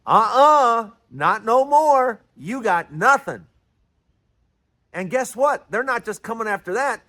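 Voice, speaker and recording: Guy with a pretty high voice, lecturing hard, repeats himself a lot. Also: expressive, slow pace, bright, forceful tone. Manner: emphatic, repetitive, lecturing. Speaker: host. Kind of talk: opinionated political monologue.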